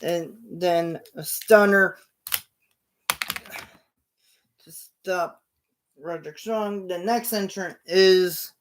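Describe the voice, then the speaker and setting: A man hosting his own show, narrating imagined wrestling action in a casual play-by-play, punctuated with loud sound-effect bursts. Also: high voice, steady tone, very slow, pauses often, a little hiss or hum. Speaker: show host.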